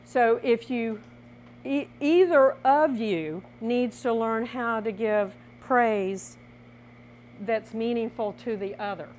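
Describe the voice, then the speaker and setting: A woman presenting a workshop in a lively teaching style, acting out little scenes as she explains. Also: a little high, slow pace, slight background noise. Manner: animated, laughing, acts out little scenes.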